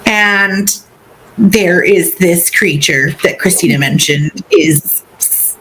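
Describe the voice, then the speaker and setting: Slow, chatty woman podcast host. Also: fairly low pitch, fairly bright tone, a little hiss or hum, poor audio. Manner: chatty, slow, playful retelling. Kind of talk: casual chapter recap.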